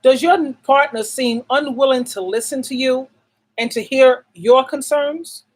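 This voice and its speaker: A woman's voice: high voice, a little slow, poor audio. Woman, middle-aged, advice host, casual monologue, blunt, emphatic, rhetorical questions. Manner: emphatic, asks rhetorical questions and answers them herself; blunt, repeats key words for stress. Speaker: relationship advice channel host.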